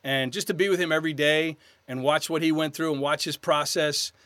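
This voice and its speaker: A man's voice: fairly high pitch, fairly even intonation, brisk, sharp tone, dry recording. A man from New York, guest actor on a casual podcast interview, telling chatty, self-deprecating stories.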